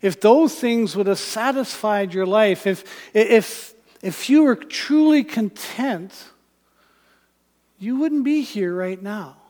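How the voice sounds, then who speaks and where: High-voiced preacher in a reverberant hall. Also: male voice, slow. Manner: animated retelling, voicing characters, rising to loud passages. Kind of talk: sermon. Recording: long church reverb.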